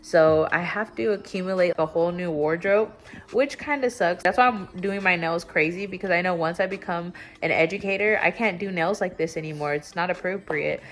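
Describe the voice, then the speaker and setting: A young woman talking at home in a casual confessional vlog, candid and rambling, her voice jumping up when she gets excited. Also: a little fast. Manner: candid and rambling, with sudden excited jumps in pitch. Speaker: vlogger. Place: at home, indoors.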